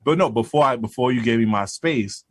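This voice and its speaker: A man's voice: medium pitch, a little fast, no room sound. A man in casual podcast chat who argues his side and stammers repeated words as he jumps in. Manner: argumentative, stammers repeated words when jumping in.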